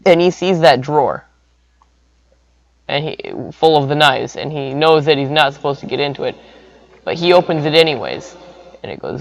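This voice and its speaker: A man's voice: fairly high pitch, expressive, normal speed, vocal fry, long pauses, no echo, low-quality recording. A young man rambling through an improvised comic story, full of silly sound effects.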